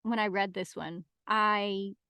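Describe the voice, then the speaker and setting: A woman's voice: medium pitch, fairly even intonation, slow, bright, forceful tone, no room sound. Eager woman co-host, dry sound. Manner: enthusiastic, eager. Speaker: podcast co-host. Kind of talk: casual interview chat.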